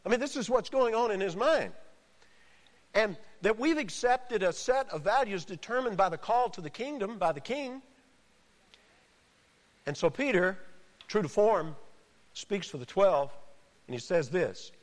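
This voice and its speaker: A man preaching a sermon with an emphatic, rousing delivery, slowing and leaning hard on key words. His voice sits a little on the higher side for a man. It rings out with the long reverb of a large hall. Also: sing-song. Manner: emphatic preacher, dramatic pauses, acts out quotes. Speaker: pastor.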